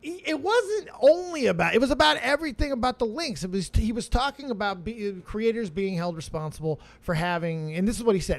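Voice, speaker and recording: A man hosting a podcast, talking in a casual, profane, animated way, often breaking into quoted voices. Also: sits high, vocal fry. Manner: animated, swearing, quick bursts of laughter and mock quotes. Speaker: podcast host.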